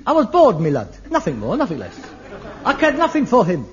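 A man's voice: high-pitched, wildly swooping pitch, brisk, highs cut off, some chatter behind. A man putting on a pompous, superior killer. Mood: gloating. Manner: grandiose, pompous confession. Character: arrogant, bored male killer, coldly superior.

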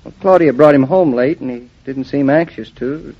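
An actor playing a cheerful young husband who dotes on a big dog, breezy and teasing, in vintage radio drama style. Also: male voice, mid-range voice, normal speed, slightly rough. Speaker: husband, an architect. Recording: dull lo-fi old recording.

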